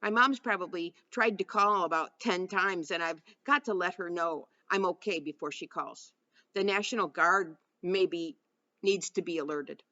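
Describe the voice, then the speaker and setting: A woman reading the lines of an earnest teenage boy who talks in a hurried, plain-spoken way, in a dull lo-fi recording. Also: fairly low pitch, pushed and bright, no room sound.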